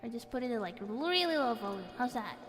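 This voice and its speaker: A woman's voice: on the high side, expressive, fairly quick. Playful woman with heavy reverb. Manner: playful, laughs and breaks in with comments while reading. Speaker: streamer. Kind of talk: reading viewer horror stories on a live stream. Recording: reverb effect added, faint background music.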